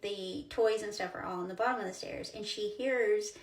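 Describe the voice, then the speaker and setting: A woman's voice: mid-range voice, normal speed, no room sound. A woman in her forties telling a personal story in a chatty, emotional way, with lots of fillers. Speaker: storyteller host.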